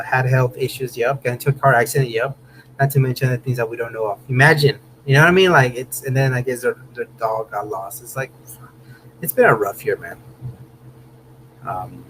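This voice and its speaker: A man's voice: mid-range voice, a bit bright, low-quality recording. Casual male streamer from Southern California, easygoing and chatty, faint hum under the voice. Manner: laid-back, chatty, says "man" and "bro" a lot, bursts of laughter. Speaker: host of a car channel livestream. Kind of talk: casual live-stream chat reading viewer comments. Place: home room.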